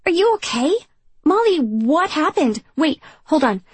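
A woman reading an audiobook, voicing a chatty, caring teenage girl friend in a higher, brighter voice. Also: very animated, unhurried, no echo. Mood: bubbly concerned. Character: bubbly teen girl friend, warm, chatty.

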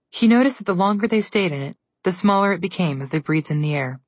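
A woman reads a fantasy storybook aloud at a steady storytelling pace. Her voice is lowish and a little breathy. It is recorded dry and close with no room sound. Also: fast talker, no echo. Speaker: narrator. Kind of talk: storybook reading.

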